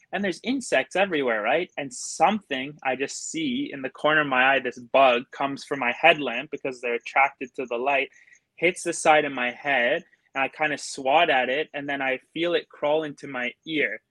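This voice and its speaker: A man's voice: mid-range voice, moderate pace, bright, forceful tone, dry recording. A man telling a story as a podcast guest in a casual way, rambling and full of fillers. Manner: rambling, filler-heavy with many likes.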